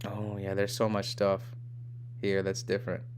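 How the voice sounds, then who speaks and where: A man's voice: lowish voice, monotone, moderate pace, a little hiss or hum. Chatty young man hosting a live stream. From United States. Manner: chatty, rambling, reads chat aloud. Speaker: livestream host. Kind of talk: casual live-stream chat reading comments.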